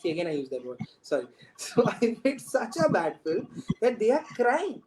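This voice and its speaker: A man's voice: high-pitched, wildly swooping pitch, moderate pace. A man in his thirties with an Indian English accent, a film director chatting as a guest, very talkative and laughing often as he tells stories. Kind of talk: casual storytelling. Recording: noisy recording with clicks.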